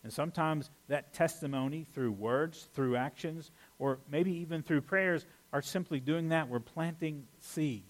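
A pastor preaching a conversational sermon, animated with playful asides. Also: male voice, on the high side, measured pace, few pauses.

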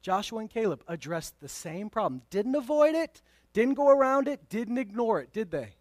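A male pastor preaching a sermon, emphatic and conversational, moving from loud declarations to hushed asides with playful remarks. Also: high-pitched, sing-song, moderate pace, no echo.

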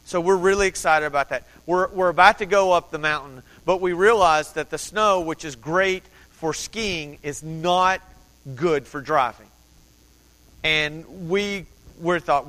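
A man from Texas telling a lively personal story as a sermon, animated and conversational, with asides to the audience. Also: on the high side, normal speed. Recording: long hall reverb.

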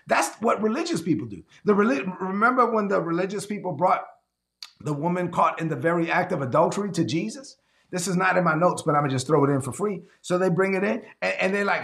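Male pastor, casual livestream sermon, high and gravelly, animated storyteller. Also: brisk. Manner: energetic, conversational preaching with acted-out quotes; repeats words and restarts often.

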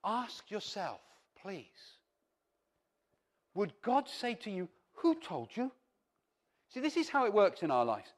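A man preaching a sermon to a congregation, his voice sitting fairly high and swinging up and down. He delivers it in an animated, theatrical way and acts out the lines he quotes. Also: a little slow. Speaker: pastor.

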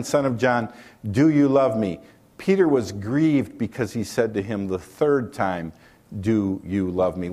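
A man preaching a sermon, reading scripture and driving his points home. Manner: preaching with wide swings in pitch and loudness, reading scripture aloud. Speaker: pastor.

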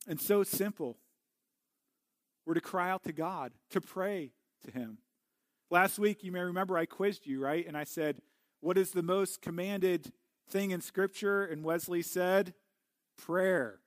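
A man's voice: high voice, no room sound, studio quality. A middle-aged man preaching a sermon as a pastor, earnest and often restarting his words. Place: church.

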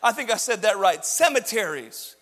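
A male pastor preaching a sermon with passion, shouting and letting his voice rise into a sing-song. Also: extremely high pitch, lively intonation, normal speed, long reverb tail.

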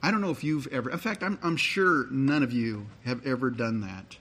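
A man's voice: mid-range voice, moderate pace, a bit bright. A middle-aged man, a pastor, preaching a sermon in a conversational storytelling way and reading scripture aloud.

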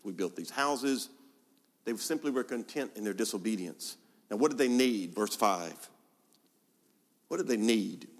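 A man's voice: on the low side, lively intonation, measured pace, pauses often. A male pastor preaching a sermon, asking rhetorical questions and repeating words for emphasis. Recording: long hall reverb.

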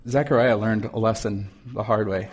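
A man's voice: on the low side, steady tone, normal speed, husky. A middle-aged male pastor giving a casual sermon in a church, reading scripture and asking the congregation questions. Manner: conversational, asks the congregation questions.

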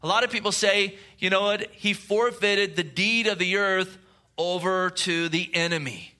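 A man's voice: sits high, normal speed, bright, forceful tone. A man preaching a sermon, asking the listeners earnest questions and reading scripture aloud. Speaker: pastor.

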